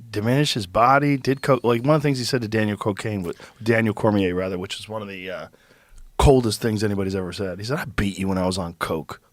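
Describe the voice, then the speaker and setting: A man hosting a podcast, chatting casually and reacting with loud laughs and quick exclamations. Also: mid-range voice, dry recording. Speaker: podcast host. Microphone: studio podcast mic.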